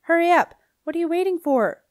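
A woman's voice: fairly high pitch, a little mellow, no echo, clean studio sound, lightly acted. A woman reading an audiobook, voicing a bossy, impatient young girl who urges her friend on. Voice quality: brisk, bossy.

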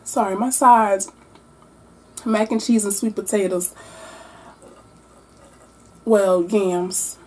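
A woman doing a mukbang-style book wrap-up, animated and exclamatory as she talks between bites. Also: medium pitch, slow pace, pauses often, slightly rough. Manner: animated, exclamatory, talking while eating. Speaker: book vlogger.

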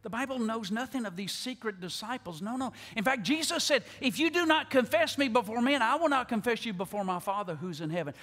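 A man with a voice that sits high preaches an altar call to a large church, pleading and repeating words. He swings from loud appeals to hushed tones, and the church hall gives a long reverb.

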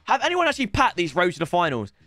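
A young man streaming and commentating live as he opens game packs, excitable and breaking into shouted celebrations. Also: high voice, rapid-fire, no echo.

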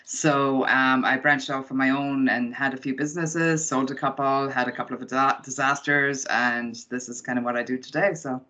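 An upbeat Irish woman explains her work as a guest in a relaxed interview, laughing easily. Her voice is bright and forward. The call audio is dull and lo-fi. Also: very deep voice, moderate pace, few pauses. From Ireland. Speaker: business mentor, guest. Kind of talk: casual interview chat.

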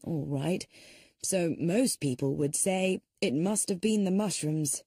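A woman voicing a tired, shrewd male country doctor, speaking low and measured. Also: mellow, breathy edge, dry recording, studio quality, exaggerated voice.

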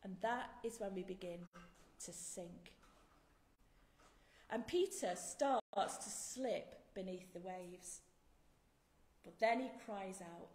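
A woman leading a church service who gives an earnest, measured sermon and then prays aloud. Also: medium pitch, darkish tone. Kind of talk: sermon and spoken prayer. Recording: echoey church room.

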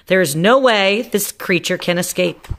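A woman voicing a greedy male mouse scientist who squeaks in a high, showy voice for a storybook. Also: moderate pace, a little hiss or hum, lightly acted.

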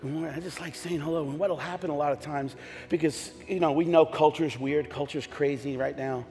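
Brief: male pastor, high voice, joking storyteller with shouted bursts, long echo in a church hall, faint music. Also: steady tone, a little fast. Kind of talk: sermon. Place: church sanctuary.

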